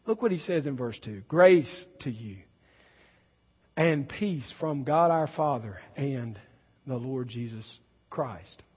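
A man preaching a sermon as pastor, moving from quiet teaching to loud emphatic preaching. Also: mid-range voice, animated, takes it slowly, breathy edge. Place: church sanctuary. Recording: lo-fi recording in a reverberant church hall.

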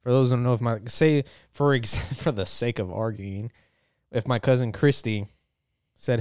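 A man with a smooth, clear voice riffs casually to camera, swearing freely and padding his lines with "like" and "uh". His joking, loose delivery sounds close and dry, with no room echo. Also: medium pitch, normal speed, darkish tone. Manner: profane, joking, full of fillers. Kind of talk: casual rambling monologue.

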